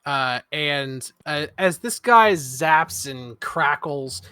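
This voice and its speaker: Man game master, slow and bright, narrating with many ums. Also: on the high side, clean tone, no room sound. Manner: relaxed, with filler pauses.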